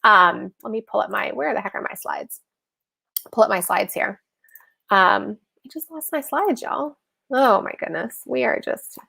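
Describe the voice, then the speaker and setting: A woman's voice: mid-range voice, vocal fry, fairly bright tone. A woman hosting a casual livestream explainer on personal finance, chatty and self-correcting, often addressing her viewers as y'all. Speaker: host of a live personal-finance session.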